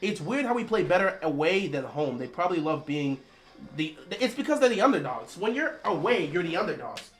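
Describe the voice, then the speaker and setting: A man hosting a livestream, giving excitable live fan commentary on a game and repeating himself often. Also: on the high side, fairly quick. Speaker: livestream host and team fan.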